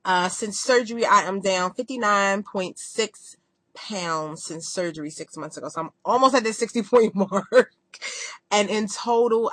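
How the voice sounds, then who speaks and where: A woman's voice: medium pitch, fairly bright tone, dry recording. A woman in her thirties chatting candidly to the camera in a rambling video diary. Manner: chatty and candid, quick rambling talk with fillers. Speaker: vlogger.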